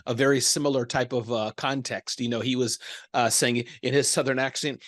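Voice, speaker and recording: A man hosting an interview, enthusiastic and animated, responding with his own examples. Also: mid-range voice, a little fast, dry recording, clean studio sound. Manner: enthusiastic, animated, laughs often. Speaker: interview host. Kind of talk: conversational interview.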